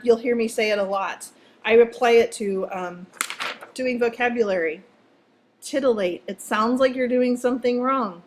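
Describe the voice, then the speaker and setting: A woman's voice: a little high, slight background noise. A woman teaching a vocabulary lesson to students in a playful, chatty way, joking as she goes. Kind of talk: casual classroom vocabulary lesson.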